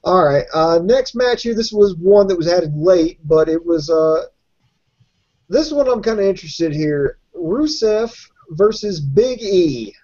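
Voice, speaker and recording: A man's voice: sits high, a little slow. A man hosting a wrestling review podcast, steadily leading the talk and asking his co-hosts questions. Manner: steady, moderating, asks questions. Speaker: podcast host. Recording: dull lo-fi podcast audio.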